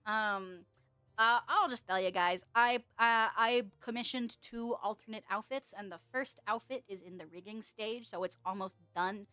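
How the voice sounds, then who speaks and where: A woman's voice: medium pitch, normal speed, bright, forceful tone, clear, resonant tone, no room sound. A young woman chatting casually on a live stream, rambling, giggling often and swearing offhand.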